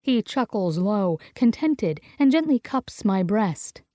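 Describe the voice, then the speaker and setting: A young woman reads a first-person romance audiobook, close and intimate. Her voice sits mid-pitch and sounds dry and close with no room echo. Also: very animated, takes it slowly, warm tone. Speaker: audiobook narrator.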